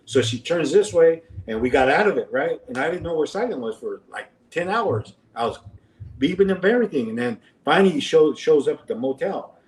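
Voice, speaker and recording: A man's voice: expressive, a little fast. Male podcast guest, rambling anecdotal delivery, distant and roomy. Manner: rambling, full of fillers, acts out quoted lines in a higher voice. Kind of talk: casual storytelling. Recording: roomy and off-mic.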